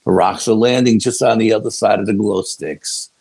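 A man with a gravelly voice, telling a long story as a guest in a casual interview, often adding "you know". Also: fairly low pitch, fairly even intonation, normal speed, a little mellow. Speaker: guest investigator.

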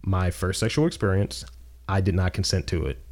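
A man's voice: low voice, brisk, darkish tone. A young adult man co-hosting a podcast, telling stories in blunt, profane casual chat. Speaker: podcast co-host.

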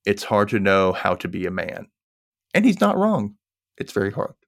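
Lively, jokey man recapping a show. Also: fairly low pitch, normal speed, gravelly, dry recording, studio quality. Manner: animated, jokey, quotes characters in voices, laughs often. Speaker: podcast co-host. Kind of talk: casual recap chat.

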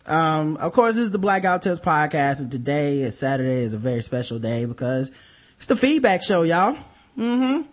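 Young male co-host, somewhat high voice, loose and profane, rambling chat with plenty of fillers. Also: sing-song, normal speed. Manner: laid-back, rambling, profane, with many fillers. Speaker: podcast co-host. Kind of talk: casual podcast chat.

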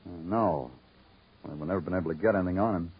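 A terse, weary police detective. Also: male voice, low-pitched, fast talker, breathy edge, exaggerated voice. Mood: weary, dry. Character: tired, hard-boiled male police detective. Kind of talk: 1950s radio drama acting. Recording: dull old radio broadcast recording with music.

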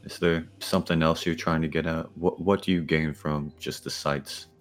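A man's voice: very deep voice, level tone, moderate pace, faint music behind. A man playing a tabletop game, wary and questioning. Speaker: player.

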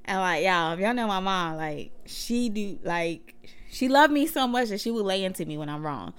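A woman's voice: medium pitch, expressive, moderate pace, clear, resonant tone. Chatty woman around thirty, slangy. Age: about 30. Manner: chatty and slangy, addressing listeners directly. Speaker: podcast host and mother. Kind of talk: casual faith podcast talk.

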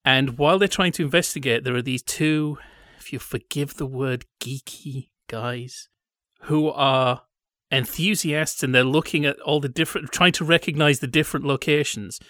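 A man's voice: medium pitch, steady tone, moderate pace, fairly bright tone, no room sound, clean studio sound. A man chatting casually as a podcast co-host, telling wry, digressive stories. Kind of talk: casual chat about old British TV.

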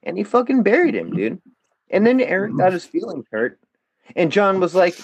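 Male podcast guest with a lively pitch and a dry close sound, profane storyteller. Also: fairly quick, breathy edge, no room sound. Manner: profane, animated, peppers speech with "dude" and "bro". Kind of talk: casual storytelling.

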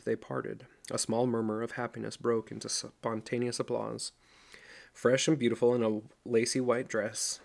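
A middle-aged man reading a novel aloud as narrator, in a steady storytelling voice. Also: mid-range voice, gravelly. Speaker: audiobook narrator. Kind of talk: scripted narration.

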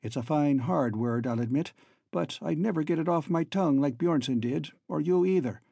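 A jaunty young Irishman, a prisoner in an audiobook tale, with a teasing lilt, as a male narrator puts him on. The voice sits a little higher than a plain reading, gravelly and dark underneath, in a dry, close room. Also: moderate pace, dry recording. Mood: wry.

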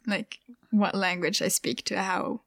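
A young woman whose first language is Norwegian, speaking English in a hesitant, soft-spoken way during a casual chat. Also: mid-range voice, fairly even intonation, measured pace, creaky, no echo, clean studio sound. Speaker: dance student.

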